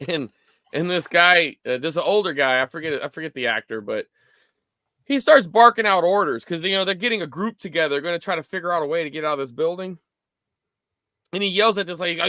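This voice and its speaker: A man in his forties co-hosting a live stream show, telling stories in a rambling, animated way with lots of fillers. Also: fairly high pitch, quick pace, no room sound, clean studio sound. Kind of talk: casual chat.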